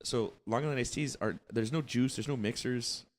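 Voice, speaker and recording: A man's voice: medium pitch, normal speed, slight background noise. A man co-hosting a casual podcast chat, telling stories and swearing often. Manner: profane, storytelling. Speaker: podcast co-host.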